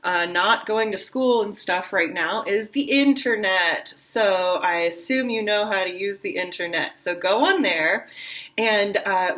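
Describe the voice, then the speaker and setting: A young adult woman teaching an online singing lesson, talking casually and acting out lines with lively drama. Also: medium pitch.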